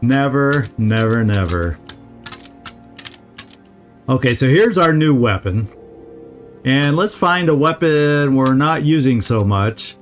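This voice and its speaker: A man's voice: fairly high pitch, expressive, measured pace, faint music behind. Chatty male game streamer, laughing often. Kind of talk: casual let's-play commentary.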